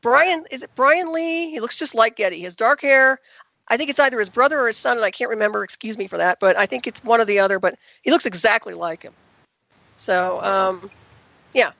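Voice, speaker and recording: Fast-talking emphatic woman, dull dry audio. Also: on the high side, lively intonation, creaky, fairly bright tone, no echo. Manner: emphatic, indignant storytelling. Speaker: guest. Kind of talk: call-in radio interview.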